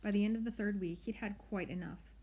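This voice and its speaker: A woman narrating an audiobook in a measured, expressive storytelling way. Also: medium pitch, breathy edge. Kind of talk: audiobook reading.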